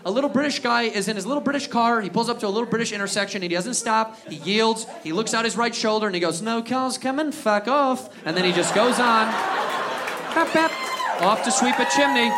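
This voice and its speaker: Brief: a young man, high-pitched stand-up comic, ranting over a laughing crowd. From United States. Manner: animated, ranting, swears, acts out voices. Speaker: stand-up comedian. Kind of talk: stand-up comedy routine. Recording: live club with audience laughter.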